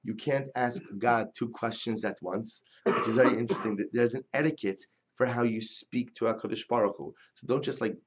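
A man's voice: mid-range voice, brisk, muffled recording. A man teaching a Talmud lesson, reading the Hebrew and Aramaic text aloud and then explaining it in plain English. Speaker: Torah teacher. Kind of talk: Talmud class lecture.

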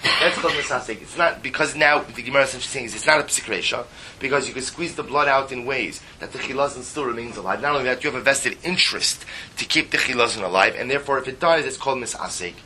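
A man leads a Talmud class, moving through the text with rhetorical questions and the Aramaic in a style. His voice is bright and forward, at a middle pitch. A faint noise sits under the recording. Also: fast talker, poor audio. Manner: explaining with rhetorical questions, mixing Aramaic terms into English. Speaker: Talmud teacher.

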